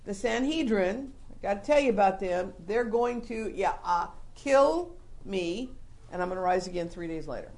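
A woman voicing a calm, firm male teacher. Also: mid-range voice, normal speed, close to an everyday voice.

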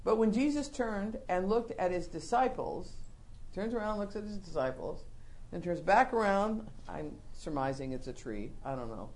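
A woman preacher whose voice swoops up and down in lively pitch as she tells the story. She acts out scenes and dramatizes her points in an animated, expressive way, keeping the congregation with her. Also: normal speed. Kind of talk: sermon.

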